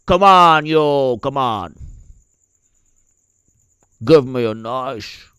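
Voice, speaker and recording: A man's voice: medium pitch, lively intonation, drawn-out words, bright, forceful tone, smooth, no echo, full character voice. Man putting on a pushy kiss-begging guy, insistent, wheedling, dry close sound. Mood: pleading. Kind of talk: mocking skit.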